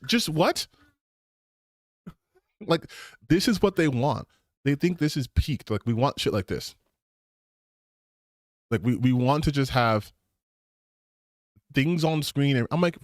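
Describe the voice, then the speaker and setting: A male streamer in a loose, rambling rant, swearing freely and jumping into excited spikes. His voice sits at an ordinary middle pitch, and the sound is close and dry. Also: dry recording. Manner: animated and profane, with bursts of excitement.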